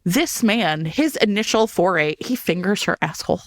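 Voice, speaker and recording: A woman co-hosting a casual chat podcast, retelling a book in a lively way and acting out the characters' lines. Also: mid-range voice, moderate pace, no echo, studio quality. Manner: lively storyteller who acts out characters' lines. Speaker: podcast co-host. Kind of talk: casual chat about books.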